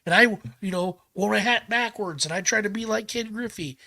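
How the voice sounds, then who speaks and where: Bright high-voiced man ranting. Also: moderate pace. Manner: animated, profane, emphatic. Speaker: podcast host. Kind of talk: podcast rant.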